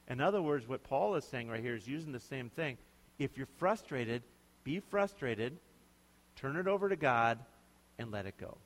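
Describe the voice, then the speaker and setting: A man's voice: mid-range voice, animated, moderate pace. A male pastor preaching a sermon in a conversational, emphatic way, often putting questions to his listeners. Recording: long hall reverb.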